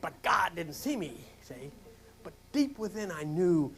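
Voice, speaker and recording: Delivering a sermon, an older male pastor from New Jersey moves between loud, emphatic questions and quiet whispers. His voice sits high, with big pitch swings and a slightly slow pace.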